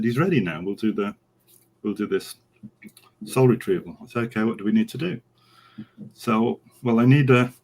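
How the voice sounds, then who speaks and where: Telling a story on a podcast where he's the interview guest, a middle-aged horse trainer animatedly performs each line of dialogue. His lowish voice comes through poor audio with a little hiss or hum.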